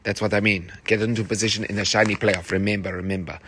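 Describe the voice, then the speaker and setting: A man's voice: fairly low pitch, fairly even intonation, fast, bright, forceful tone, slight background noise. A theatre director, a man, reading rehearsal notes to his cast, encouraging and fond of repeating phrases.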